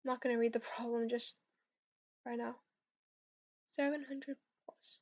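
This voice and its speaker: A woman's voice: on the high side, little pitch movement, unhurried, darkish tone. A young woman answering viewer questions about competitive programming on a casual livestream, hesitant with lots of fillers. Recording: slightly dull lo-fi stream audio.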